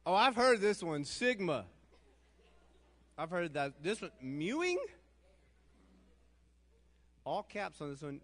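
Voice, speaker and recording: A man's voice: high voice, big pitch swings, slow pace, pauses often. An older man leading a youth group game, reading slang terms aloud, stumbling over them and laughing at himself. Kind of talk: playful group game in front of students.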